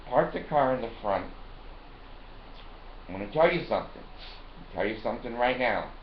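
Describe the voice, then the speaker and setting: A man telling a rambling, profane story as a rant, laughing between lines. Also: medium pitch. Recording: roomy lo-fi recording with faint noise.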